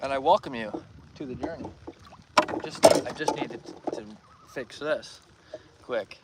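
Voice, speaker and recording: A man's voice: medium pitch, measured pace, distant mic. A young man from Northern Ontario, Canada, chatting casually with viewers while fishing on a lake outdoors. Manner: relaxed, chatty, reads and answers viewer comments. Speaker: fishing livestreamer. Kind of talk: casual live-stream chat. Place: outdoors by a lake on a windy day. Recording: loud wind noise over outdoor mic.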